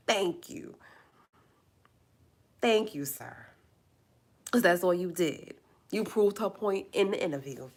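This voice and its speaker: Low-voiced woman ranting on a live stream. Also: animated, unhurried, pauses often. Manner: indignant, emphatic, repeats phrases. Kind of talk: impassioned live-stream rant.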